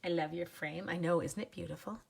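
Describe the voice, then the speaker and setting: Husky woman with the sniffles. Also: fairly low pitch, steady tone, a little fast, a little mellow. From Canada. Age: 40s. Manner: chatty, self-deprecating, talks to viewers' comments. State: sniffly from sneezing. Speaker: crafting livestream host. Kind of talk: casual live crafting demo. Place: home craft room.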